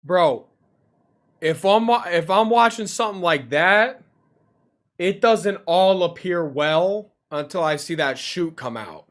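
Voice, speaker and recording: Young male reaction host, casual and slangy, higher voice, slow and drawling. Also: animated, a bit bright. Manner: loose, slangy, exclaiming.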